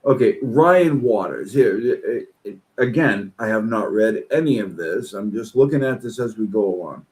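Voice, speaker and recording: Profane, exasperated man, lively voice. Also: on the low side, normal speed. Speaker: commentator. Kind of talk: reading posts aloud and commenting.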